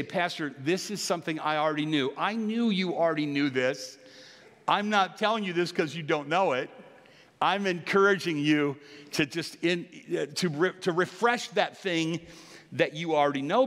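Earnest older pastor preaching in a hall. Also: male voice, fairly bright tone. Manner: earnest, exhorting, rises in pitch on key points. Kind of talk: sermon.

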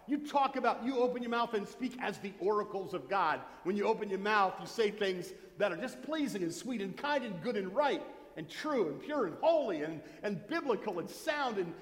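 A man preaching a sermon as pastor, conversational, with joking asides and questions to the congregation. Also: high-pitched. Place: church sanctuary. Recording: long church hall reverb.

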